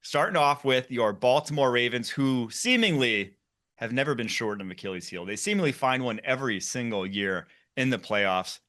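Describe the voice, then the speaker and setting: A man hosting a football talk show, animated and quick as he runs the segments. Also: mid-range voice. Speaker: podcast host.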